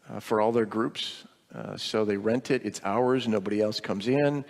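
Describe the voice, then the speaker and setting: A man's voice: mid-range voice, big-room sound. A middle-aged man, a pastor, casually reporting on a mission trip to his congregation, rambling with many ums and light jokes.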